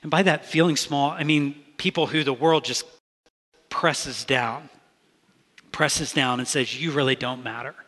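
A man's voice: a little high, slow pace, pauses often, a bit bright. A man preaching a sermon as pastor, talking in an earnest, conversational way with frequent restarts. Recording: long reverb of a large hall.

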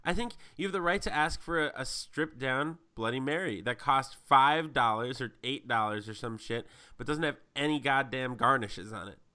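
A man's voice: mid-range voice, moderate pace, hardly any pauses, bright, forceful tone, clear, resonant tone. A man co-hosting a casual podcast, making emphatic, joking points. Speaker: podcast co-host. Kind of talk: casual chat.

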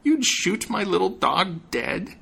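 A man voicing an angry old woman witch in a storybook reading, with a raised, drawn-out voice. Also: high-pitched, very animated, vocal fry, sharp tone, husky, pitched above the performer's own voice, heavily acted.

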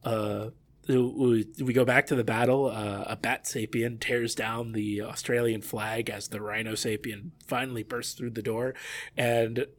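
A man co-hosting a podcast, recapping a show's scenes in casual chat with quick asides. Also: medium pitch, level tone. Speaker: podcast co-host.

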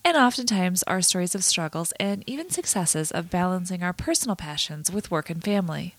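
A woman's voice: fairly low pitch, expressive, fairly quick, no room sound. Upbeat female podcast co-host. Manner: upbeat, encouraging interjections. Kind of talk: casual podcast chat.

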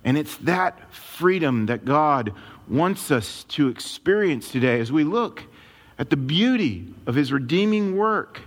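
High-voiced pastor preaching slowly. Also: male voice, lively intonation. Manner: emphatic, dramatic swings of pitch and pace. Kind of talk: sermon. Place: church sanctuary with congregation. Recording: long reverb of a large hall.

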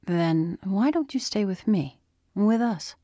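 A woman voicing a calm, probing teenage boy who questions his friend in a measured way. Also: medium pitch, no echo, clean studio sound. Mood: pressing. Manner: questioning, measured, gently pressing.

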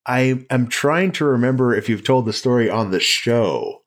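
A man's voice: mid-range voice, normal speed. A man co-hosting a podcast in casual chat, chiming in with dry, joking remarks. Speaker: podcast co-host.

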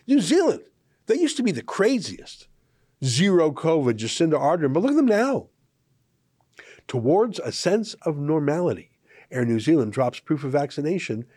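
Male commentary host from Canada, sarcastic and mocking, animated pitch, dry close sound. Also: no room sound. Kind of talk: opinion commentary monologue.

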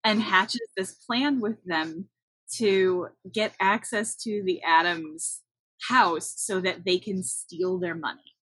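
A woman co-hosting a casual chat, wryly recapping a movie in a steady, explaining way. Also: lowish voice, slow pace, husky, dry recording, poor audio. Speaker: podcast co-host.

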